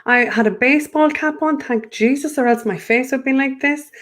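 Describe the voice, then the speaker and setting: A woman's voice: sits high, normal speed, a bit bright. A woman, a guest in a casual spiritual chat, who rambles, restarts and repeats her words.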